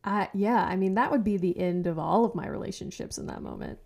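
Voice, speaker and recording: A woman's voice: medium pitch, brisk, vocal fry, darkish tone. A young adult woman co-hosting a podcast, giving blunt, emphatic opinions in casual chat. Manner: blunt, emphatic opinions with frequent agreeing interjections. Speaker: podcast co-host. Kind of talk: casual movie recap chat.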